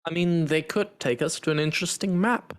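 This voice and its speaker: A man's voice: fairly high pitch, a little fast. A man co-casting a live esports match, joking and bantering with his partner and the viewers. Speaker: esports co-caster.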